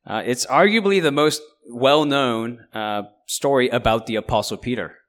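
A man preaching a sermon, conversational and halting, with frequent fillers and restarts. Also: medium pitch, fairly bright tone. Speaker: pastor.

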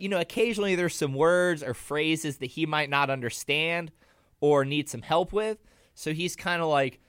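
A man talking as a guest on a radio show, telling animated, funny stories and laughing easily. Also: a little high, clean tone, no room sound, studio quality. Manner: animated storyteller, laughs a lot. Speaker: guest, jiu-jitsu competitor. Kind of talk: casual podcast interview.

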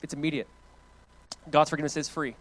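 A man preaching a sermon as pastor, in a conversational, animated way that swings from loud emphatic lines to hushed ones and repeats phrases for emphasis. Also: a little high, fast talker. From United States.

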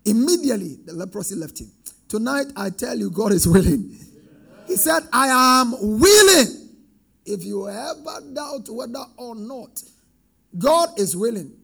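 High, gravelly-voiced preacher, husky. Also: male voice. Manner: call-and-response preaching, sing-song emphatic swells. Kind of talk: sermon.

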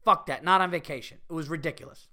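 A middle-aged man hosting a podcast, telling a profane, animated story with bursts of exasperation. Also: fairly high pitch, quick pace. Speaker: podcast host. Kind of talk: casual comedic storytelling rant.

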